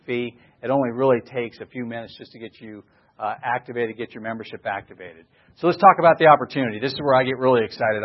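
A man's voice: mid-range voice, lo-fi sound. A middle-aged man giving an enthusiastic, rambling sales presentation, full of fillers and restarts.

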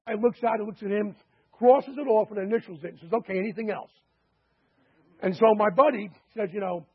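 Husky man telling sales stories. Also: high-pitched. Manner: anecdotal, chatty with fillers and quoted dialogue. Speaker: sales presenter. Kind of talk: sales pitch storytelling. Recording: dull lo-fi recording.

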